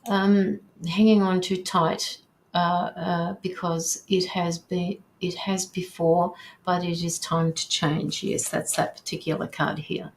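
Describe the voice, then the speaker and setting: Soft lower-voiced woman reading tarot live. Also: flat delivery, slow pace. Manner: gentle, reassuring, with frequent ums and restarts. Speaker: tarot reader hosting a livestream. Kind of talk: live tarot reading, reading viewer comments aloud.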